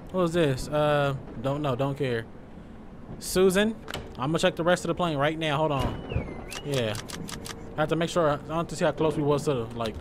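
A young man giving joking, loud let's-play commentary, full of slang as he reacts to the game. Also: fairly high pitch, slight background noise. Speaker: gaming streamer.

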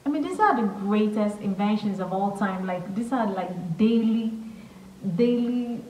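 A woman's voice: mid-range voice, a little slow, distant mic, a little hiss or hum. Gushing woman reacting in an echoey room. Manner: excitable, gushing exclamations; earnest, emotional musing. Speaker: reaction video host. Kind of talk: reaction video commentary. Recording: echoey room, voice a bit off-mic, faint music.

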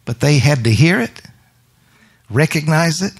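A man's voice: on the high side, expressive, unhurried, slightly rough. A male minister giving a spontaneous, reflective sermon during worship and quoting scripture.

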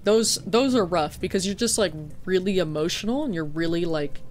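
A man's voice: sits high, moderate pace, a little hiss or hum. A man streaming a video game and chatting casually with viewers, rambling with lots of "like" fillers, swearing and laughing easily.

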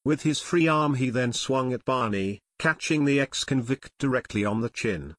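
A male audiobook narrator tells the story in a steady, measured way. His voice sits at mid pitch and is recorded dry and close, with no room sound. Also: no echo. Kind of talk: scripted narration.

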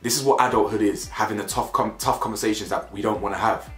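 Faint music drifts through an echoey room as a reality TV reviewer shares blunt, slangy opinions on a show in casual fashion, repeating points for emphasis. His lowish voice is fast and a bit bright.

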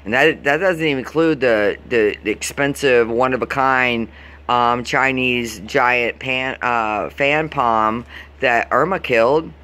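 A man's voice: mid-range voice, slow pace, sharp tone. A man from Florida ranting to the camera, swearing constantly and sounding fed up as he complains. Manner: profane, exasperated, heated complaining. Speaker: vlogger. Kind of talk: angry venting rant to camera.

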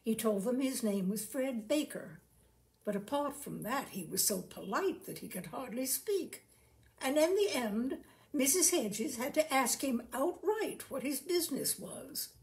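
Give me a woman narrating a short story, slow-paced and slightly high-pitched. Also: animated, vocal fry, darkish tone. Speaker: story reader. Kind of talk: audiobook short story reading.

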